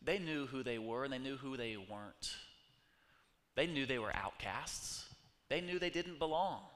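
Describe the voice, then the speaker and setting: A man preaching a sermon as pastor, animated and acting out the voices of the people he quotes. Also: medium pitch, normal speed. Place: church hall. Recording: echoey hall reverb.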